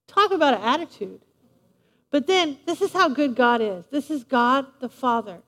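A woman preacher giving a lively, playful sermon, speaking straight to her congregation in a large church hall. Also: high-pitched, normal speed. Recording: long reverb of a large hall.

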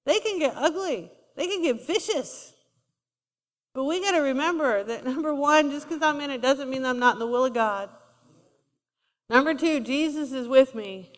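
A woman's voice: high voice, normal speed. A woman preaching a sermon in a conversational style, acting out quotes as she goes. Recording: long reverb of a large hall.

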